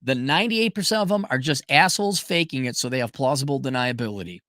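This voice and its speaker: In clean, dry studio audio, a middle-aged livestream host talks fast while handling viewers' questions. His opinionated chat is blunt and profane, hammered home with emphasis and lively leaps in pitch.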